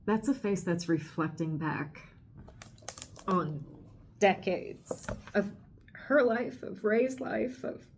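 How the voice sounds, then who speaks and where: Slow-talking, emotional woman host. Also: mid-range voice, lively intonation, slight background noise. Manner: emotional and gushing, with frequent laughs and trailing restarts. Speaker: podcast host. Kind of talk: casual book discussion.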